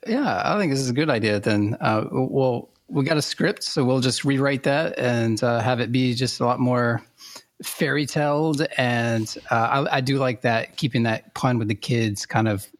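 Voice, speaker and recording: A man in casual podcast chat, upbeat and quick to laugh. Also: mid-range voice.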